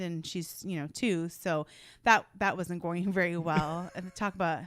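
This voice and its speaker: A woman in her thirties co-hosting a podcast, chatting casually and telling animated stories with frequent laughter. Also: mid-range voice, clear, resonant tone, no echo. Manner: laughs often, animated storytelling. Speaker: podcast co-host. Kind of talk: casual chat.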